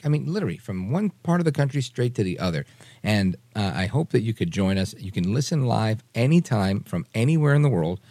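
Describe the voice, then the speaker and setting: A man's voice: on the low side, sing-song, fairly quick, dark tone, dry recording. A man hosting a radio talk show, giving emphatic, opinionated political commentary and repeating phrases for emphasis.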